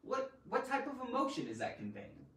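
A man hosting a playful live-streamed grammar lesson, theatrical and full of sudden loud exclamations. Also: very high-pitched, wildly swooping pitch, normal speed. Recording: roomy echo, mic at a distance.

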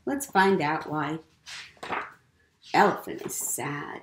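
A woman leading a storytime for young children as a librarian, gentle and encouraging, often asking the kids questions. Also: low-pitched, lively intonation, slow, pauses often. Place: public library program room. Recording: roomy room echo.

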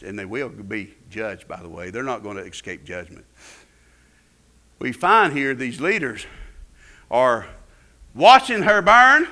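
A male pastor, preaching a fervent sermon that swings between loud peaks and low asides. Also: very animated, unhurried, long pauses.

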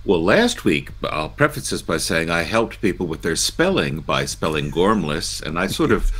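A man's voice: sits low, very animated, moderate pace, a bit bright, slightly rough. A man co-hosting a news talk show, chatting casually with wry quips. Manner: wry, quip-prone commentary. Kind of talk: casual chat.

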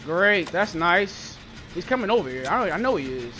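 A young man, giving excitable, swearing commentary while playing a horror game. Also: high voice, normal speed, faint music behind. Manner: excitable, swearing, calls out in panic during chases. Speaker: gaming channel host. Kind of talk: live gameplay commentary.

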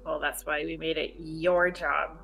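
A woman's voice: low voice, little pitch movement, unhurried, creaky, a bit bright, faint music behind, pitched below the performer's own voice, heavily acted. A woman voicing a grumpy, impatient young witch while reading game dialogue aloud.

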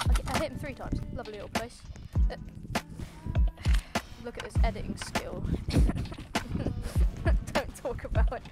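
A woman hosting a gaming channel, giving excitable, playfully cocky commentary while she plays. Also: on the high side, normal speed, pauses often. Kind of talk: live gameplay commentary. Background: loud game music and gunfire.

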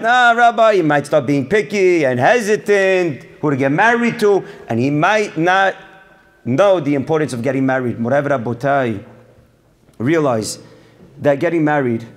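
A man, a rabbi, giving a Torah sermon, swinging between loud emphasis and hushed lines and sprinkling in Hebrew terms. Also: fairly high pitch. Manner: sprinkles Hebrew terms, addresses audience as Morai Rabotai.

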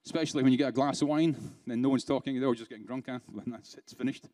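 A British man delivers a live keynote in a conference room, speaking conversationally with rhetorical questions and dry sarcasm. His mid-range voice has a dark tone and fairly even intonation, and he talks quickly. The recording is dry.

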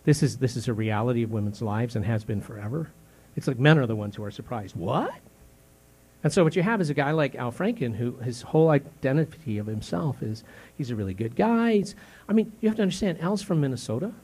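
Conversational older pastor preaching. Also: male voice, medium pitch, lively intonation, breathy edge. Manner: conversational, questioning, with many restarts and fillers; drops soft and slow on grave words, rises sharply when indignant. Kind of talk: sermon.

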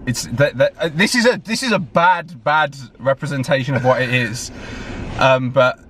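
A man's voice: medium pitch, moderate pace, a bit bright, breathy edge. Chatty young London man. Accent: London English. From England. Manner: chatty, lots of fillers and restarts. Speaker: vlog co-host. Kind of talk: casual chat.

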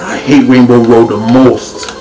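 A young man from Kent commenting casually on a racing game, swearing and yelling whenever things go wrong. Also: mid-range voice, unhurried. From Kent, England. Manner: excitable, swears and yells at the game. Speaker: gamer co-host. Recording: echoey room with game music.

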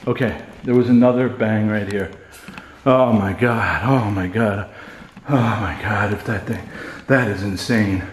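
A man's voice: lowish voice, unhurried, slight background noise. A middle-aged man filming a solo ghost-hunting vlog in an empty house, frightened and shaky, swearing and repeating himself. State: shaky and scared. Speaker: paranormal vlogger. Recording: echoey empty room.

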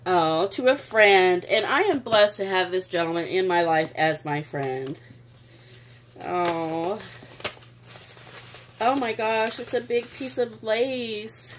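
A woman's voice: mid-range voice, slow pace, slight background noise. A woman, gushing and sentimental as she opens craft mail in a casual vlog. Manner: gushing, sentimental, exclaims often. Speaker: craft vlogger. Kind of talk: casual unboxing chat.

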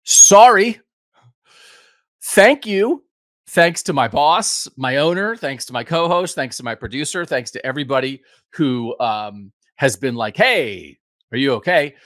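With lively intonation and a fairly bright tone, an American man in his fifties hosts a podcast, rambling casually through a self-deprecating update from home at normal speed. His voice is mid-range, and the studio-quality recording has no room sound.

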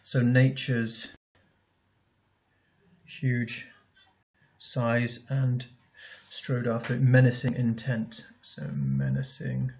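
A man's voice: medium pitch, very slow, long pauses, a little mellow, lo-fi sound. A male teacher talking through a poem in a recorded lesson, thinking aloud as he writes notes, with many ums and restarts.

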